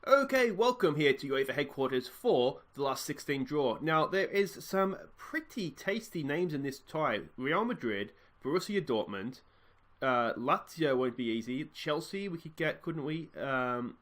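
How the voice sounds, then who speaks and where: A man's voice: fairly high pitch, normal speed. Chatty man commentating a football game. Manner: chatty, musing, bursts of excitement. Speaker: let's play host.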